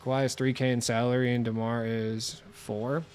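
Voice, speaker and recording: A man's voice: mid-range voice, normal speed, smooth. Sick man streaming a basketball game. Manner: swearing, excitable, talks to chat while playing. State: sick, voice lower than usual. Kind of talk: casual gaming stream chat.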